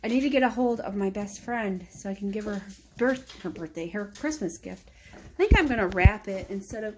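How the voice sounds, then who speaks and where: A woman's voice: mid-range voice, noisy background. A woman vlogging at home, chatting casually and rambling aloud to herself as she goes about her day. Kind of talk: casual chat. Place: at home indoors.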